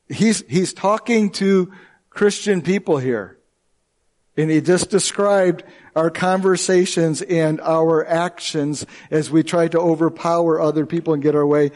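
A male pastor preaching a sermon in an earnest, emphatic way, slowing down and speeding up to stress his points. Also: on the high side, a little mellow. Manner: earnest and emphatic, with shifting pace.

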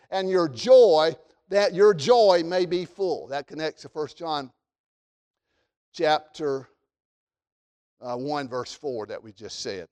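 A man preaching a sermon as pastor, swinging between fervent rising appeals and soft, low prayer. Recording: long hall reverb.

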